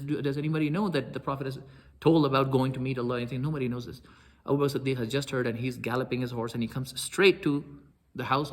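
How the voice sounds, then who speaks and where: A man telling a story in a lecture, animated, acting out quoted speech with sudden loud outbursts. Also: mid-range voice. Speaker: Islamic lecturer.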